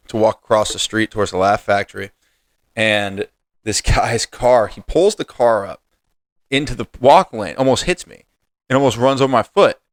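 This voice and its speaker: A male comedian in casual podcast chat, telling stories in an animated, profane way. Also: on the low side, smooth, no echo.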